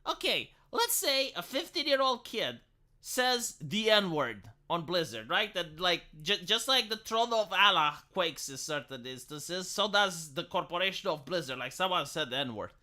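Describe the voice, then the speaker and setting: Very animated yet at a measured pace, this man rambles on his stream in a sharp, bright voice that jumps around in pitch. Sarcastic asides and casual swearing give it the feel of opinionated late-night talk.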